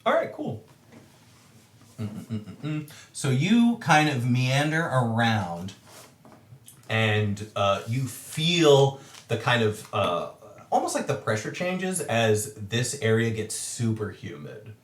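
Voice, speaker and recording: A man in an echoey room narrates a tabletop game as its game master. He talks slowly and keeps stopping on ums and uhs, but his low voice swings widely as he describes the scene. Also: very animated. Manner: halting, many ums and uhs.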